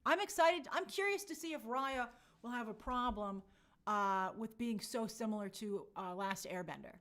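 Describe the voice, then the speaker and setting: A woman's voice: a little high, lively intonation, normal speed, fairly bright tone. A woman hosting a casual live stream, reading viewer comments aloud and reacting in an upbeat, chatty way. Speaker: livestream host reading chat.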